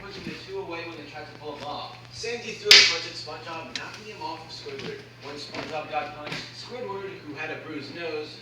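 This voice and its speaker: A man with a somewhat high voice reads a creepy story aloud, steady and flat. He is far from the mic in an echoey room with noise underneath. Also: fairly quick, few pauses.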